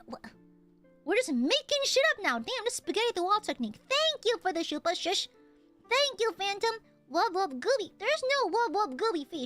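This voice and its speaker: Young woman streamer from the US, bright and sharp, animated, teasing, yells at chat. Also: very high voice. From United States. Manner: playful, bursts into shrieking outbursts at chat. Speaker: VTuber streamer. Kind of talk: casual livestream chat, reading donations.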